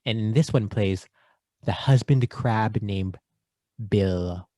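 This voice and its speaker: A man co-hosting a casual movie podcast, joking and rattling off shout-outs. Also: lowish voice, takes it slowly, no echo. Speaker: podcast co-host. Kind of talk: casual chat.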